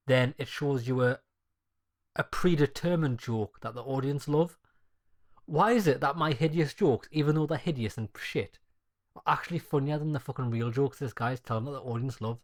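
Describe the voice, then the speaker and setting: A man commenting over a game in a casual, sweary way, blunt and mocking, in an even mid-range voice. He sounds off-the-cuff, talking straight into his own mic. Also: mid-range voice. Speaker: gaming channel host.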